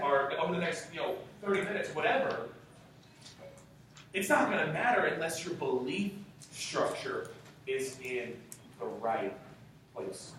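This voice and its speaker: An enthusiastic young sales trainer gives a high-energy motivational talk to a room, telling stories in a bit bright voice. He's recorded from far off in an echoey meeting room, with faint noise.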